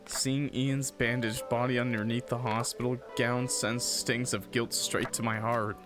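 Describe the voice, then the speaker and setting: Young man, game streamer, dramatic reading, jokey asides, middle pitch, faint background music. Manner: dramatic reading broken by casual joking. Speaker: streamer playing a visual novel.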